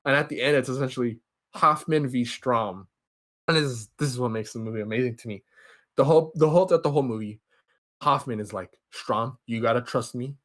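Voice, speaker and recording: A young man hosting a podcast, casually recapping a film series and jumping into quick impressions of the characters. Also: mid-range voice. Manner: animated, acts out characters' lines in quick impressions. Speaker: podcast host.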